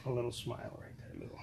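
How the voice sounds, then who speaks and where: On camera, a man paints while chatting casually in a scratchy-throated voice. He rambles and jokes, repeats words, and laughs often.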